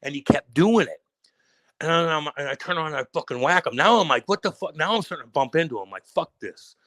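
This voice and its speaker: A man's voice: on the high side, fast talker, no room sound. A man co-hosting a podcast, telling a rowdy story in casual, profane chat. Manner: profane, animated storytelling with acted quotes. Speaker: podcast co-host.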